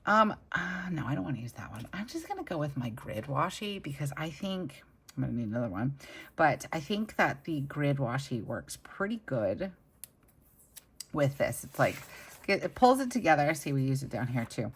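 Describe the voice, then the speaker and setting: A woman's voice: sits low, big pitch swings, normal speed, husky. A woman with children chatting casually and enthusiastically as a planner vlogger while she decorates her planner. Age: adult with children. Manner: chatty, enthusiastic, many fillers.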